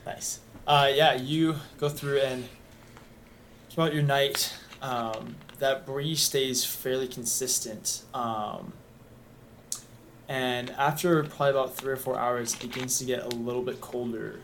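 Brief: man, easygoing tabletop game master, mid-range voice, unhurried narration. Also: mid-range voice, fairly even intonation, fairly bright tone, a little hiss or hum, low-quality recording. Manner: easygoing, lots of "um", unhurried scene-setting.

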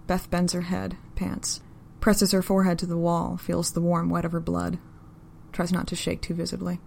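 A woman narrating a story in an even, unhurried, deadpan reading style. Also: on the low side, gravelly, slight background noise.

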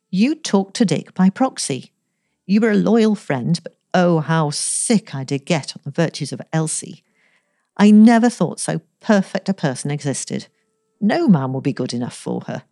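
A woman reading the part of an earnest young man courting a girl in a storybook, gently and sincerely. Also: on the low side, no room sound, clean studio sound.

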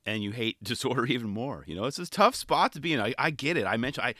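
A man's voice: mid-range voice, expressive, fast, bright, forceful tone, no room sound, studio quality. A man giving casual commentary on a skate video in laid-back skater slang, often tagging on "right?" and "you know".

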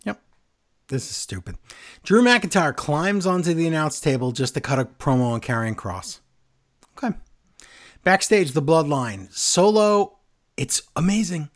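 Animated man recapping sarcastically. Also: on the high side, measured pace, pauses often. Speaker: wrestling podcast co-host. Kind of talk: casual recap chat.

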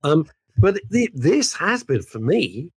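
Animated gravelly man. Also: a little high, slow, no room sound. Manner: animated, emphatic, frequent laughs and asides. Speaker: guest broadcaster. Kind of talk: conversational podcast interview.

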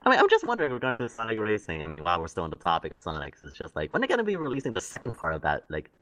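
A man's voice: on the low side, wildly swooping pitch, rapid-fire, fairly bright tone. A man chatting on a gaming podcast, enthusiastic and chuckling, recorded a bit far from the mic. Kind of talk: casual gaming podcast chat.

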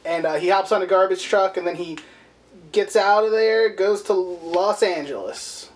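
A man's voice: high voice, normal speed. A man co-hosting a movie podcast, recapping the plot in profane, rambling casual chat and acting out quotes. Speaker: podcast co-host.

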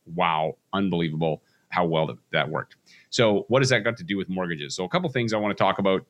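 A middle-aged man with a low voice talks briskly through a podcast monologue for mortgage professionals. He tells casual stories and acts out the voices of people in them. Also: a bit bright. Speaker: mortgage business coach.

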